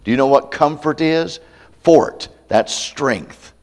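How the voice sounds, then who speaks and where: A man's voice: a little high, slow pace, a little mellow. A man pastor preaching a sermon at a camp meeting, conversational and candid, with self-deprecating humor. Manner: conversational, acts out quoted voices.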